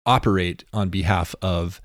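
A man with a low voice works through religious ideas on a podcast, thinking aloud and looping back to check that he is followed. The sound is dry and close, with no room around him. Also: moderate pace, no echo. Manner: musing, thinks aloud with restarts and tag questions. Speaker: podcast co-host. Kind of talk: casual religious discussion.

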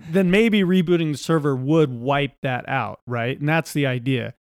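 Higher-voiced man chatting casually. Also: moderate pace, smooth. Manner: animated, laughs while reading out film dialogue. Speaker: podcast co-host. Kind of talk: casual chat.

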